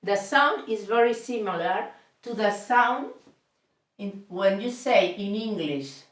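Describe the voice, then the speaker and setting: Woman teacher, unhurried and repetitive, roomy echo. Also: medium pitch, expressive, recorded from a distance. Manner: slow and deliberate, repeats each sound with frequent "okay?" checks. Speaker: Spanish teacher. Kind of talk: slow step-by-step language lesson. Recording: echoey room, voice off the mic.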